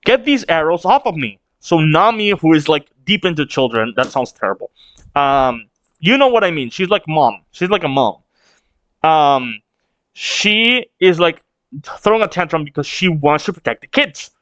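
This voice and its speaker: A man's voice: a little high, big pitch swings, normal speed, fairly bright tone, dry recording, muffled recording. A man hosting a casual manga read-along reaction, rambling with restarts and casual swearing.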